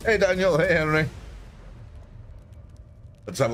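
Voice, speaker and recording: Speaking a little slowly and with long pauses, a gameplay streamer with a fairly high, expressive voice chats and jokes with his audience as he commentates. He reads out viewer names while game music plays behind him.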